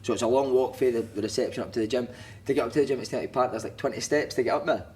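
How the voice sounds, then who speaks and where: Rapid-fire and darkish at a medium pitch, this Scottish man, once a footballer, sits on a studio couch as a podcast guest swapping casual stories. He swears freely, laughs as he goes and voices other people's lines. A little hiss or hum sits under the recording.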